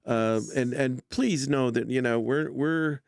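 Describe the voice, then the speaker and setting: A man's voice: mid-range voice, takes it slowly, vocal fry, dry recording, clean studio sound. A man as a talk-show guest, speaking in an earnest, urging way and repeating his points. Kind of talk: casual talk-show chat.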